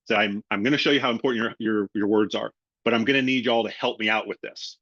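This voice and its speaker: A middle-aged man coaches salespeople in a lively webinar talk and keeps acting out both the caller and the customer in his own voice. The audio is dry and a little dull and lo-fi. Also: fairly low pitch, fast, no room sound. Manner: animated, acts out both sides of sales calls. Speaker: sales trainer.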